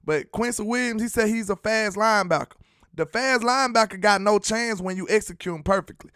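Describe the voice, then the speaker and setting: A man hosting a sports fan show, talking in an animated, slangy way straight to his viewers. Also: sits high, brisk, clear, resonant tone, dry recording, studio quality. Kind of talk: casual fan commentary with clips.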